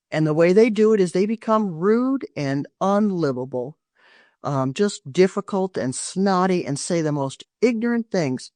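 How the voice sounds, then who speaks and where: A woman's voice: low voice, darkish tone, dry recording, studio quality. An older woman, a parenting expert guest on a podcast interview, giving earnest, emphatic advice and often restarting her sentences.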